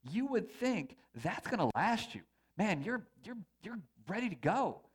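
Animated conversational male pastor. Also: high voice, a little slow, slightly rough. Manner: conversational and animated, with playful asides. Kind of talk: sermon.

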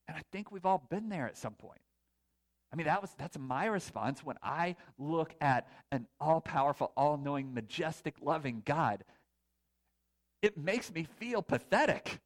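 Animated man preaching a lively sermon. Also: fairly high pitch, a little slow. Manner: conversational, animated, asks audience to raise hands. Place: church or hall before a live congregation.

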